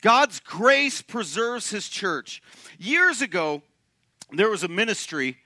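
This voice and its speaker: A young man preaching a sermon to his congregation, animated and joking, often asking the room questions. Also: high voice, slow, no room sound. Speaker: pastor. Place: church sanctuary.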